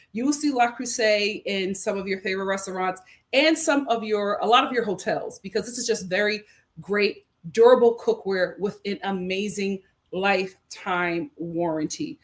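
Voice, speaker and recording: A woman's voice: medium pitch, moderate pace. American woman, casual livestream host, upbeat and talkative, rambling asides. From United States. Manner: chatty, upbeat, lots of fillers and asides. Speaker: lifestyle streamer.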